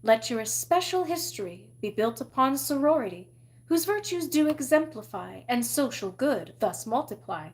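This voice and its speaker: A woman's voice: fairly high pitch, expressive, moderate pace. A woman putting on a pompous, declaiming headmistress. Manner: grandiose, declaiming. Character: pompous theatrical older headmistress.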